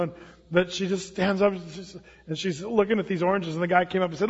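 Man, high voice, pastor giving a sermon, storytelling, long reverb, muffled lo-fi sound. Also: fairly even intonation, fast talker, slightly rough. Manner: storytelling, conversational with restarts.

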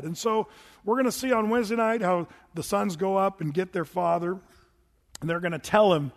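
A middle-aged male pastor giving a chatty, animated sermon full of stories and restarts. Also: high-pitched, normal speed. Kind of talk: sermon with storytelling.

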